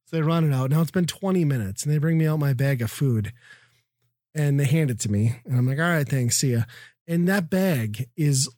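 A man's voice: a little high, animated, brisk, darkish tone, no room sound, studio quality. A middle-aged man from the Midwest telling a profane, exasperated story in casual chat. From American Midwest.

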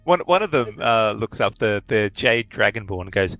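A man running a tabletop game, narrating with a lively, rising and falling voice. He pauses often with ums and uhs as he thinks. The sound is dry and close, with faint music underneath. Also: on the low side, no echo, highs cut off. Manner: hesitant, many ums and uhs. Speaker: game master.

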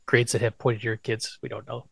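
A man hosts a podcast in casual chat, retelling a TV episode with plenty of swearing and quick playful put-on quotes. His voice sits at an ordinary middle pitch. The sound is dry and close. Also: level tone, vocal fry, slightly rough, no room sound. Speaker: podcast host.

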